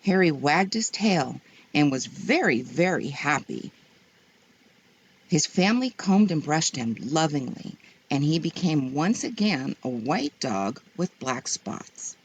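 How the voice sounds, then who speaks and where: A woman reads a children's story aloud in a low, husky voice. She takes her time and lets her pitch rise and fall expressively with the tale. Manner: slow, expressive, gentle reading.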